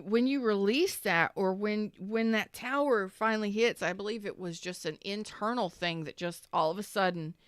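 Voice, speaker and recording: Woman, tarot reader, rambling emphatic monologue, curses casually, clear resonant voice, dry close sound. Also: medium pitch, dry recording. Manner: rambling and emphatic, repeats phrases, swears casually. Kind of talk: spontaneous tarot reading monologue.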